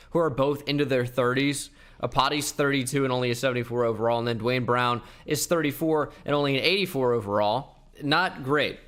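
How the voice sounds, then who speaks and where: A man's voice: mid-range voice, fairly bright tone. A young man giving casual, rambling commentary over his video game footage as a channel host. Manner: chatty, rambling, quick asides.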